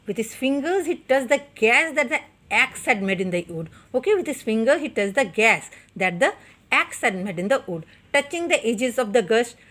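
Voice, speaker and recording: A woman's voice: a little high, fairly bright tone. A woman teacher with an Indian English accent, reading a story aloud and then explaining it in simple words to her class. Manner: reads a passage then paraphrases it, with frequent "okay".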